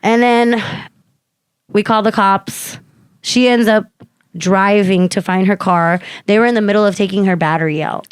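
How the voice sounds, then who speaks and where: A woman's voice: medium pitch, fairly even intonation, moderate pace, clear, resonant tone, no room sound. Woman comedian, podcast co-host, casual storytelling, profane, acts out quotes, dry close mic.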